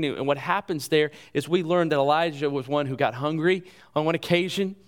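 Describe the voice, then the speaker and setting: A male pastor preaching a sermon in an earnest way, rising in emphasis and then dropping soft and low in his closing appeal. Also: clean tone.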